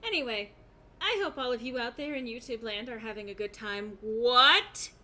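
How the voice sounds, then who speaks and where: A woman's voice: fairly high pitch, fairly quick, sharp tone. A young woman streaming a game, chatting casually, laughing often and reading chat aloud in a rambling way. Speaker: gaming streamer.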